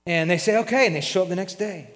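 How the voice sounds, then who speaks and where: A man preaching a sermon as pastor, retelling a story with lively acted-out voices. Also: sits high, fast talker, long reverb tail. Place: church sanctuary.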